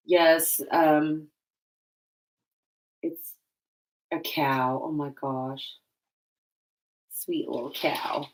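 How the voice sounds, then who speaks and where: Low-voiced woman chatting while painting. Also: steady tone, drawn-out words, long pauses. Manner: chatty, laughing often, rambling. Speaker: vlogger. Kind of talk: casual chat while painting.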